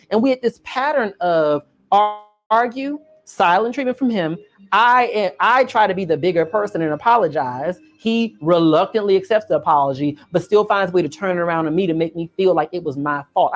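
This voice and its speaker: A woman vlogger telling a personal story in a casual, expressive, emphatic way, often turning to the viewer. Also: fairly low pitch. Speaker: reaction channel host.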